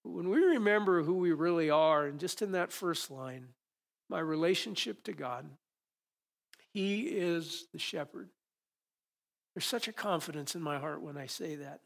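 A man preaching a sermon and leading prayer, moving between quiet prayerful lines and animated, acted-out moments. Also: sits high, creaky.

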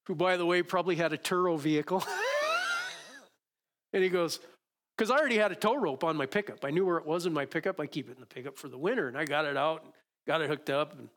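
Conversational male preacher, slightly high voice. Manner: conversational, storytelling, asks rhetorical questions; reads scripture slowly and softly. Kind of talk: sermon.

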